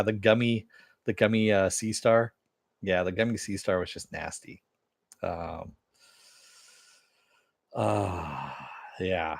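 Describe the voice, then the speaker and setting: A middle-aged man with a lowish voice casually recaps a TV episode and reads chat comments aloud. He rambles with plenty of "uh"s and chuckles. The sound is dry and close. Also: no room sound. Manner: rambling, many fillers, chuckles often. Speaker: TV show reviewer.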